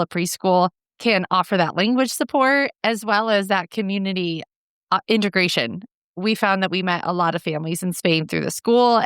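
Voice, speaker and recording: A woman's voice: lowish voice, a bit bright, clear, resonant tone, no echo, clean studio sound. A woman hosting a podcast, asking a guest interview questions in an affirming way. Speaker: podcast host.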